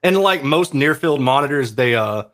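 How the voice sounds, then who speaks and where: A man's voice: medium pitch, expressive, normal speed, a bit bright. A man co-hosting a casual podcast, laid-back and explaining audio technical detail at length. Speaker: podcast co-host, speaker reviewer. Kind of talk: casual chat.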